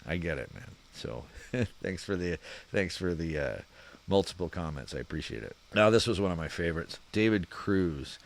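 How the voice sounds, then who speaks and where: A man hosting his channel, reading out viewer comments in a relaxed, chuckling chat and swearing freely. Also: low voice, moderate pace. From Canada. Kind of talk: casual chat.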